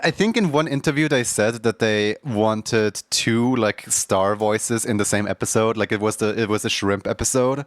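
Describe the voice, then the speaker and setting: A man's voice: lowish voice, moderate pace, hardly any pauses, no room sound, clean studio sound. A young man streaming and chatting casually, rambling with lots of fillers. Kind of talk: casual chat.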